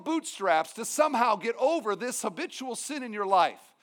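High-pitched male pastor preaching emphatically. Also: big pitch swings, normal speed, few pauses, fairly bright tone. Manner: emphatic preaching with humorous asides. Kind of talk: sermon.

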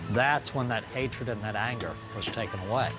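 Guy sharing his testimony, earnest and slow, music playing under him. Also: medium pitch. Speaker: testimony speaker. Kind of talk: personal testimony.

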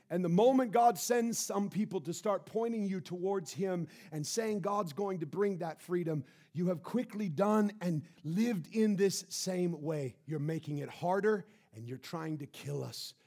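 A pastor preaching a sermon in a church, impassioned, swinging between loud and hushed. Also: male voice, high voice.

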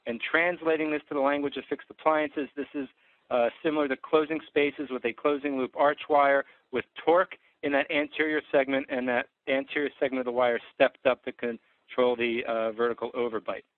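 A man's voice: medium pitch, level tone, fairly quick, dry recording. Methodical man lecturing over a tinny line. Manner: methodical, technical, with frequent fillers. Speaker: orthodontist presenting clinical cases. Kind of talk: clinical lecture. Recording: dry tinny phone-like sound.

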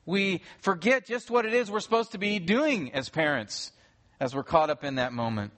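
A man's voice: high-pitched, expressive, moderate pace, a bit bright. A man preaching a sermon to a church congregation, telling a story earnestly with frequent restarts. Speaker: pastor. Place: church sanctuary before a congregation.

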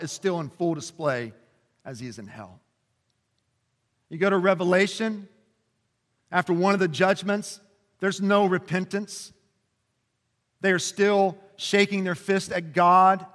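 A man's voice: high-pitched, a bit bright. A man preaching a sermon as a pastor, talking casually and conversationally with many fillers. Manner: rises to impassioned preaching. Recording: long hall reverb.

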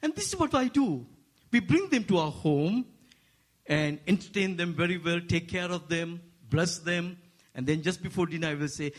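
A man with an Asian accent preaching a sermon to a congregation, making playful asides and lifting his voice high for emphasis. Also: moderate pace. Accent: Asian English. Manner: rising to animated, high-pitched emphasis. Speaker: guest preacher.

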